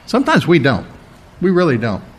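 A man's voice: on the high side, wildly swooping pitch, brisk, slightly rough. A male pastor preaching a conversational, emphatic sermon, often asking rhetorical questions.

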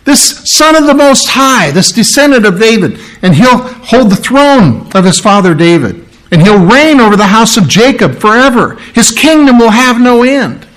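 A man voicing an excited male angel who proclaims joyful news in a raised, lively voice. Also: very high-pitched, normal speed, pitched above the performer's own voice, low-quality recording. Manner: exuberant, proclaiming.

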